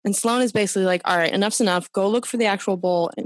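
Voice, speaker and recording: Woman podcast co-host, animated and profane recap storyteller; mid pitch, dry close recording. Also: fast talker, dry recording. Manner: animated and profane, with frequent fillers. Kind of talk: casual chat recapping a TV show.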